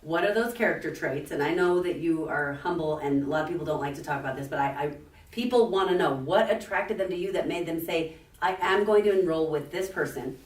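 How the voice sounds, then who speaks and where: A woman's voice: low-pitched, a little fast, recorded from a distance. A woman hosting a podcast, encouraging her guest, laughing along and asking long questions in casual chat. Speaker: podcast host. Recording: roomy echo, voice off-mic.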